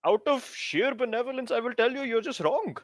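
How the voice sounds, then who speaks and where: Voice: medium pitch, lively intonation, a little fast, dry recording, studio quality, lightly acted. A player doing a pompous self-crowned teen king. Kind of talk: tabletop role-play.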